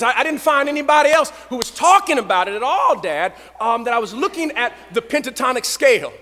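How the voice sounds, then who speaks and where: A male pastor giving a lecture with preached storytelling in a dramatic cadence. He swings between shouting and hushed tones. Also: very high voice. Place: lecture hall. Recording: reverberant lecture hall.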